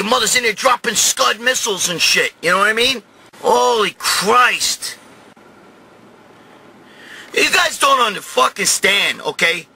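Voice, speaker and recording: Man, middle-aged, from new york, high-pitched, very bright, profane shouting storyteller. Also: slightly rough. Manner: loud, crude, swears constantly, shouts in bursts. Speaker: host. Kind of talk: profane storytelling rant to camera.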